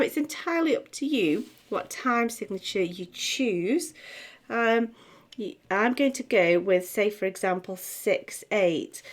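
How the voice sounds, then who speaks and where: Middle-aged woman, music theory teacher, slow patient delivery, casual and unscripted. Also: medium pitch. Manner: unhurried, chatty teaching with many fillers and restarts. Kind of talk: explaining a lesson to camera.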